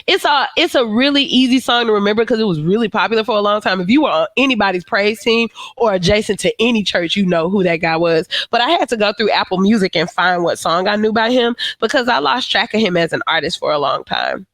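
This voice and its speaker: Animated woman podcaster. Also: mid-range voice, fast talker, hardly any pauses, no room sound. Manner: animated, profane storytelling. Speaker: podcast co-host. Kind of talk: casual podcast chat.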